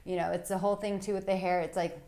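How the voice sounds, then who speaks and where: A woman working as an intimacy coach, giving frank, playful instruction to men with animated asides. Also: mid-range voice, fast. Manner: blunt, playful and animated, with bursts of laughter and acted-out asides. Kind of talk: frank instructional talk to camera.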